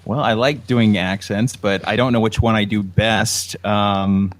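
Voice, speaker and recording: A man on a casual podcast, hesitant at first and then joking in a deadpan way. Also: lowish voice, a little slow. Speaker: podcast co-host.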